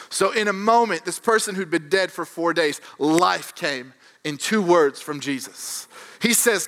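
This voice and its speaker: Man, young adult, pastor, sermon, animated storytelling, bright tone, fairly high voice. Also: normal speed. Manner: animated, self-mocking storytelling with frequent restarts.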